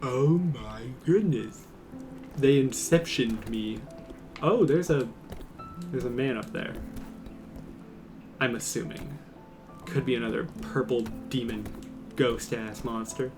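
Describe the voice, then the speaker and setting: A man's voice: medium pitch, measured pace, long pauses. A goofy young man streaming gameplay commentary, sarcastic, swearing and laughing often. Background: game music.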